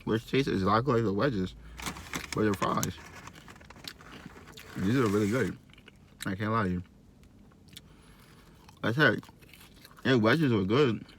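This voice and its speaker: A young man vlogging from a fast food restaurant, telling a story in a casual, joking way and acting out both sides of an argument. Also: lowish voice, a little hiss or hum.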